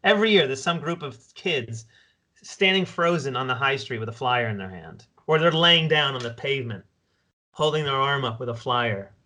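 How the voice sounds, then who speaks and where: A man's voice: mid-range voice, lively intonation, normal speed, sharp tone. A man hosting a casual podcast interview, chatting with his guest and sharing stories. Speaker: podcast host.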